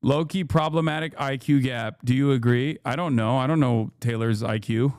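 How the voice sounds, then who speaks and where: A man in his thirties doing live stream reaction commentary, sarcastic and deadpan, laughing often. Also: medium pitch, normal speed, clean tone, dry recording, clean studio sound.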